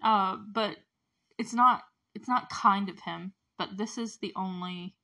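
A woman's voice: mid-range voice, unhurried. Chatty woman recapping a TV episode. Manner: chatty and animated, lots of fillers and tangents. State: close to tears at moments. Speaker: show recap host.

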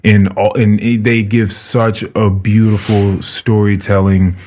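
A man hosting a casual podcast chat, retelling a book with lots of swearing and jumping into high voices for quoted characters. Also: level tone, a little slow, a little mellow. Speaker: podcast host.

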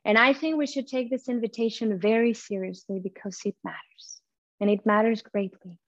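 A woman preaching in English, which is not her first language, her voice a little high and earnest. She speaks from the heart, pausing and restarting as she reaches for words. The sound is close and dry but a bit muffled. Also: steady tone, no room sound. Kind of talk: sermon.

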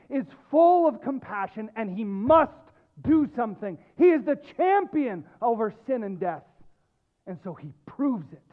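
Pastor guy preaching, real high voice, goes quiet then punches words, sounds like it's over a phone line. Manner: emphatic, swings between quiet low lines and rising loud stress. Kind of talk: sermon.

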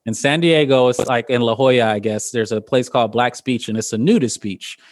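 A woman in her thirties, a podcast guest telling stories in casual chat, animated and profane, laughing often. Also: rumbling low, a little fast. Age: 30s.

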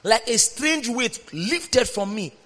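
A man preaching a sermon, reading scripture aloud and speaking emphatically, at times shouting. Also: very high-pitched, big pitch swings, slow pace. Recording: long hall reverb.

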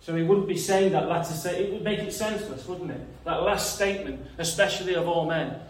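A man's voice: high-pitched, fairly quick. A man preaching a sermon in an earnest, reasoning way, often repeating words as he thinks. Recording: echoey room, mic some distance away.

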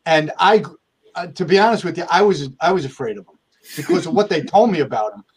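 A man's voice: fairly high pitch, animated, quick pace, a little hiss or hum. A man from the United States, a firm owner, telling stories in an interview, talking conversationally with many restarts and acting out quoted dialogue. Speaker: accountant and firm owner, guest. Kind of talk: storytelling interview answers.

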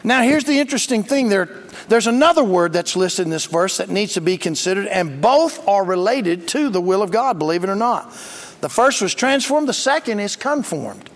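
A man with a strikingly high voice preaches to his congregation, emphatic and plain-spoken. He calls out for responses and leans into key words. The sound carries the long reverb of a large church sanctuary. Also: lively intonation, normal speed. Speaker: pastor. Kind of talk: sermon.

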